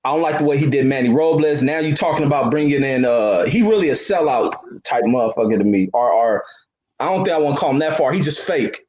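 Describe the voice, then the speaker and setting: A man's voice: medium pitch, animated, fast, a little mellow, lo-fi sound. A man co-hosting a casual boxing chat, blunt and slangy with strong opinions.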